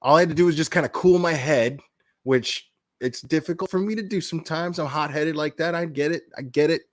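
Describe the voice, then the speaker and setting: Hot-headed male vlogger, casual profane rant, slightly high pitch. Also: brisk. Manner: blunt, heated and profane, with laughing asides. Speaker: crime commentary YouTuber.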